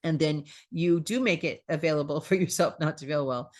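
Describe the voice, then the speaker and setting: A woman's voice: sits low, brisk, darkish tone. A woman hosting a spiritual wellness talk, chatting casually, repeating phrases and acting out quoted self-talk.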